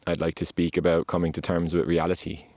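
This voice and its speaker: A man giving a heartfelt, motivational monologue outdoors on a mountainside. He speaks in an earnest, gentle and reassuring way. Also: low voice, monotone, fast, no room sound. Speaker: podcast host.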